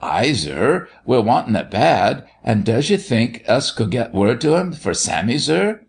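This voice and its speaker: A man's voice: medium pitch, very animated, a little slow, vocal fry. A man voicing a pleading girl. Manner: eager, pleading, tumbling words. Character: poor outport girl, pleading and earnest. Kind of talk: audiobook character voice.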